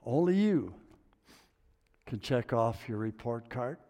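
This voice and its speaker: A man, older, preaching a sermon with a personal story, dropping to low murmurs and rising to loud excited bursts. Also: slow pace. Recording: long reverb of a hall.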